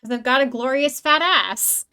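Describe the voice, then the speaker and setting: A woman's voice: high voice, moderate pace, bright, forceful tone, clear, resonant tone. A woman hosting a live-streamed painting tutorial, talking with her chat in a chatty, bubbly way and laughing often.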